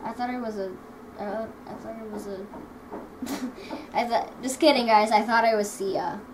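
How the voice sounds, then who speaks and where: A woman's voice: on the high side, fairly even intonation, normal speed. A woman hosting a casual home vlog with friends, giggly and rambling as she chats and jokes. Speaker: vlog host. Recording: distant mic with clear background noise.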